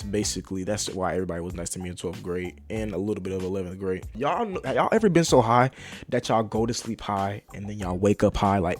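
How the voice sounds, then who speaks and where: A young man telling a personal story in a casual, rambling way. He swears a lot, uses slang and keeps addressing his viewers. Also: medium pitch.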